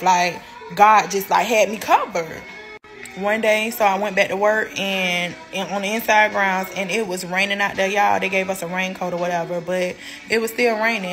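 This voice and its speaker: A young woman tells her own story in casual, conversational speech. Her pitch sits in the middle range, and she keeps turning to her viewers as "y'all". Faint music plays quietly under her voice.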